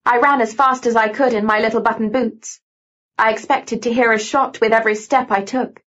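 A woman narrating a novel in first person with steady, even storytelling. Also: fairly high pitch, a little fast, lo-fi sound. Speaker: audiobook narrator.

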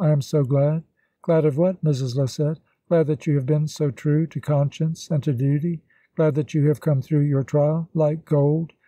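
A man's voice: a little high, mellow, no echo, natural voice, poor audio. A man reading the lines of a kindly, devout motherly woman in an audiobook, consoling and pious in manner.

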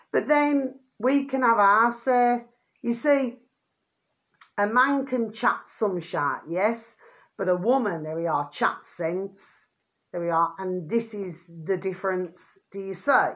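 Rambling lower-voiced woman. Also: fairly bright tone. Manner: rambling, repeats a pet phrase, swears freely. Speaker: vlogger. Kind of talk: rambling casual monologue.

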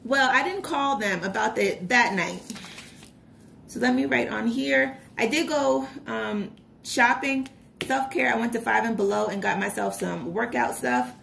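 Young woman vlogging her budget, bit of vocal fry, a little hiss in the back. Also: fairly high pitch, measured pace. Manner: chatty storytelling, animated retellings. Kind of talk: casual chat while budgeting.

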